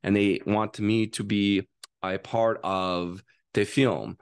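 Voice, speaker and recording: A man doing a slow Kazakh mobster. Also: lowish voice, fairly even intonation, smooth, pitched below the performer's own voice. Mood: menacing. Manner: slow, heavy, broken grammar.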